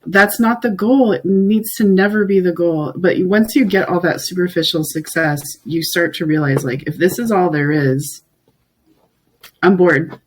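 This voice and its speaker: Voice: medium pitch, a little slow, a little hiss or hum, poor audio. A podcast guest talking in a candid, reflective way, leaning on "like" and "you know" as they think aloud. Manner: reflective, candid, filler-heavy with frequent "like". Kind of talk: casual conversational chat.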